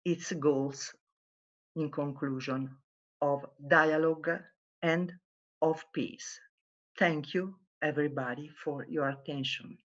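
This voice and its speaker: A woman from Italy speaks in a low, unhurried voice, giving a formal conference address. Her delivery is slow and emphatic. The video call audio is dull and lo-fi. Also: steady tone.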